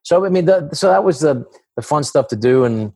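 A man's voice: on the high side, expressive, a little fast, a little mellow, breathy edge, dry recording. A man, a comedian and actor, chatting as a guest in an interview, rambling and acting out voices. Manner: rambling, many restarts, acts out voices. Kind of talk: casual interview chat.

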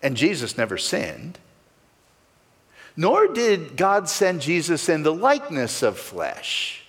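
A man's voice: a little high, huge pitch swings, slow pace, big-room sound. A male pastor preaching a sermon, stressing key words with sweeping rises and falls.

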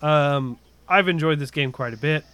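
Rambling man with a smooth voice. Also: a little high, normal speed, fairly bright tone. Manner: rambling, many fillers and restarts. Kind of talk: casual chat about a video game.

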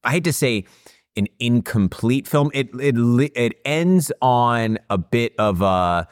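A man's voice: medium pitch, expressive, slow pace, no room sound, clean studio sound. A man in his late thirties hosting a casual film-review podcast, talking in an easygoing, hesitant way with many fillers. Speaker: podcast host.

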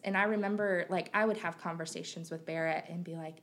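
A woman's voice: on the low side, fairly even intonation, fairly quick. A woman in her thirties from Missouri, speaking as a podcast guest with open, reflective talk and frequent fillers. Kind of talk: candid conversational interview.

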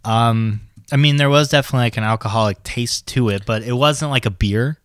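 A man co-hosting a casual podcast, easygoing and dryly teasing as he recounts a trip. He speaks at a middle pitch. The recording is close and dry, with no room echo. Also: brisk, fairly bright tone. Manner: laid-back, dry and teasing. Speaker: podcast co-host.

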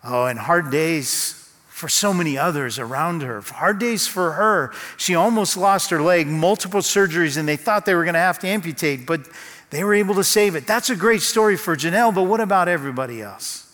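Male pastor, sermon delivery, dramatic pauses; slightly high pitch, long hall reverb. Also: fairly bright tone. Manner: storytelling, slow dramatic pauses.

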